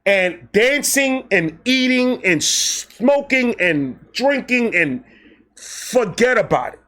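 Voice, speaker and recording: A man from Brooklyn, telling a personal story in a casual, profane, animated way, slipping into voices when quoting people. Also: extremely high pitch, takes it slowly. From Brooklyn, New York.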